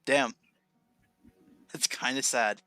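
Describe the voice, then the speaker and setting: A man's voice: mid-range voice, steady tone, slow pace, bright, forceful tone, no echo, soft background music. A young man chatting casually on his writing livestream, laid-back and often laughing at himself. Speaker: streamer and writer.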